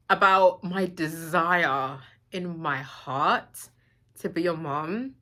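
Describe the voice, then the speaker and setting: A woman's voice: fairly low pitch, slow pace, sharp tone. A woman vlogger talking earnestly and intimately to her viewers, addressing them directly with heartfelt encouragement. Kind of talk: heartfelt motivational vlog talk.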